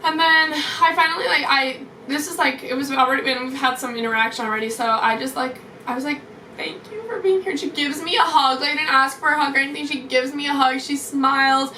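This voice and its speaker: Gushing young woman, high and bright. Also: steady tone, fast talker, hardly any pauses, slight background noise. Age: young adult. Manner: gushing, rambling with many "like"s. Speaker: vlogger. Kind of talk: casual storytime. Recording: roomy echo from far off.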